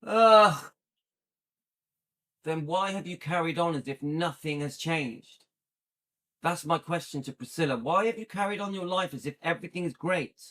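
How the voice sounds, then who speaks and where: A man's voice: fairly high pitch, moderate pace, fairly bright tone. A man hosting a commentary channel, reacting indignantly and firing repeated rhetorical questions.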